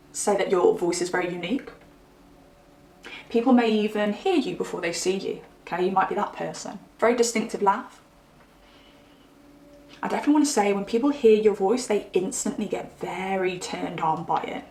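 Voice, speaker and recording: A woman's voice: medium pitch, darkish tone. A woman giving a chatty pick-a-card tarot reading, musing aloud with frequent asides. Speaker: tarot reader. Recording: roomy echo.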